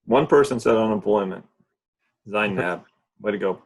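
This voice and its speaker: A man's voice: lowish voice, normal speed, slightly rough. A man moderating an online workshop, casually reading out the audience's poll answers on a video call. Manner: brief, casual reports of poll results.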